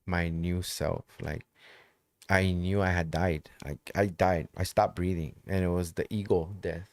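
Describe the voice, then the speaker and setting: A man's voice: sits low, a little slow, darkish tone, dry recording. A man telling a personal story in casual conversation, loose and profane, repeating phrases for emphasis.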